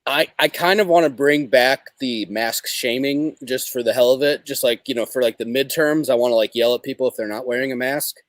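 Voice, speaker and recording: A man's voice: mid-range voice, fairly quick, few pauses, no echo. A man hosting a casual comedic livestream, rambling and hesitant, with lots of fillers. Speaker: show host.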